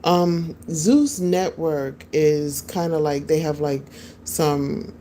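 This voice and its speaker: A woman with a low, mellow voice chats casually on a live stream and rambles from one point to the next while answering viewers. She talks into a phone, and a faint hiss sits under her voice. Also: takes it slowly. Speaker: podcast host.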